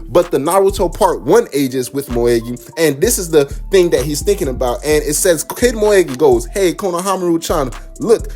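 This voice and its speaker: A man's voice: on the high side, a little mellow. A man giving casual, slangy reaction commentary on manga spoilers and talking straight to his chat. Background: faint background music.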